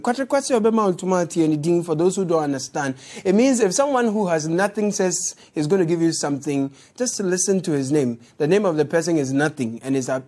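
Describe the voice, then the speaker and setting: A news show host with a Ghanaian accent gives satirical commentary on the day's politics. The delivery is sarcastic and mocking, sitting at an ordinary middle pitch. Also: mellow. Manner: sarcastic, mocking, laughs at clips.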